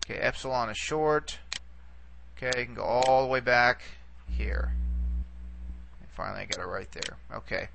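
Gravelly-voiced man teaching a lesson. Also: medium pitch, moderate pace, pauses often, background noise. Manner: patient, explanatory, checks in with frequent okays. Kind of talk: recorded lecture.

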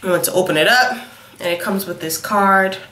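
A woman's voice: mid-range voice, a little fast, bright, forceful tone, roomy sound. A young woman in a casual, sassy makeup review, sniffly from a cold and calling her viewers honey and y'all. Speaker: beauty vlogger.

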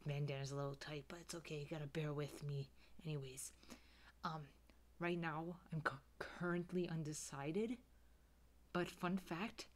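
A woman doing a smooth-talking low-voiced guy. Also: darkish tone, lightly acted.

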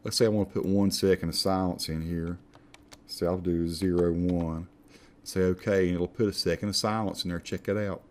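Low-voiced, chatty man teaching software. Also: steady tone, normal speed. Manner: chatty, self-correcting, repeats words while clicking through menus. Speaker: software instructor. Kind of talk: screen-recorded tutorial.

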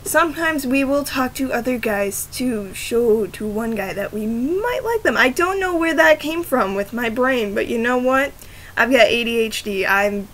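A woman's voice: a little high, animated, unhurried, fairly bright tone, slight background noise. A woman chatting casually to her laptop camera, rambling, giggling and often restarting her sentences to apologize. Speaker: vlogger. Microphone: laptop camera microphone.

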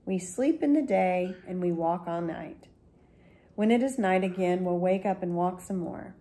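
A woman's voice: on the low side, measured pace, dark tone. A woman voicing a sensible, careful older sister from a storybook who speaks practically. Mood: tired.

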